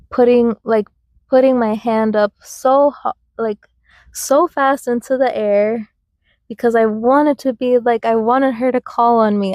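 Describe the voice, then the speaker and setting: Slow-talking young woman telling stories. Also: fairly high pitch, a little mellow, dry recording. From United States. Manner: chatty, laughs often, many likes and fillers. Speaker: podcast host. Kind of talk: casual storytelling.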